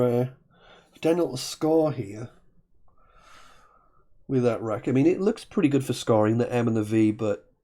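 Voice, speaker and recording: A man's voice: mid-range voice, warm tone. A man commentating live on a word game, thinking aloud and often correcting himself. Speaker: Scrabble commentator.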